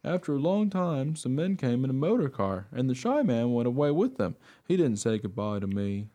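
A man voicing a friendly male dog who narrates his own story in a radio play, eager and excitable. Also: moderate pace, close to an everyday voice. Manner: eager and excitable, voice leaping high when talking.

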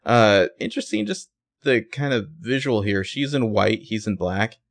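A man's voice: lowish voice, moderate pace, vocal fry. A man co-hosting a podcast, casually recapping a TV episode, laid-back, laughing easily and swearing now and then. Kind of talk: casual chat.

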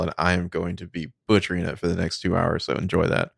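Deep gravelly man, rambling chat. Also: level tone, fast, dry recording, clean studio sound. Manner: rambling, filler-heavy, profane. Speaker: podcast co-host. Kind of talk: casual movie discussion.

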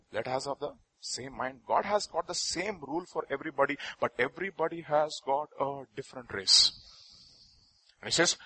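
A man preaching a sermon with a husky voice, stressing key phrases and repeating them. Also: fairly high pitch, animated, normal speed, bright, forceful tone. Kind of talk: sermon with storytelling.

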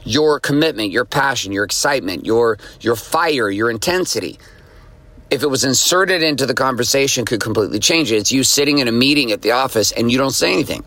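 A man's voice: medium pitch, expressive, fairly quick, fairly bright tone. A man hosting a daily motivational podcast, speaking emphatically and repeating key phrases for effect. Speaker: podcast host. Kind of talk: motivational monologue.

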